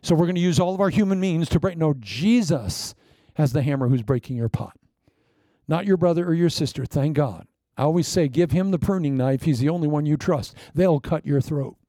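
A pastor preaching a sermon in an animated style, full of laughing asides and playacted anecdotes. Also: male voice, on the high side, a little fast, dry recording.

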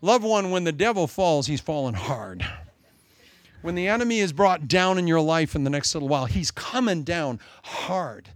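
A male pastor preaching a sermon with animated, dramatic storytelling. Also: on the high side, moderate pace, no echo.

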